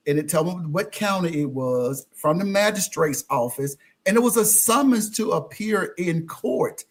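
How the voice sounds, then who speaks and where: A man who is a guest on a podcast, telling his own experiences with lively storytelling and often acting out what others said. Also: high voice. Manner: animated, acts out quoted exchanges. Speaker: podcast guest, social media influencer. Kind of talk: conversational storytelling.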